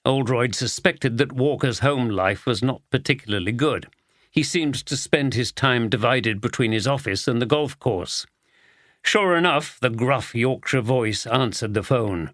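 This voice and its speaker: A man reading a mystery audiobook aloud in steady, even scripted narration. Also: mid-range voice, measured pace, no room sound, clean studio sound.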